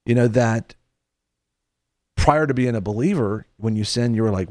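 A man's voice: mid-range voice, moderate pace, a little mellow, dry recording, clean studio sound. A middle-aged man hosting a Christian show, preaching in an earnest, conversational way that often restarts its sentences. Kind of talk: preaching talk-show segment.

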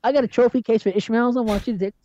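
A man co-hosting a faith talk, preaching in an animated, conversational way and acting out quotes. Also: extremely high pitch, racing. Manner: animated, laughs often, acts out quotes. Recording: dry, slightly dull lo-fi sound.

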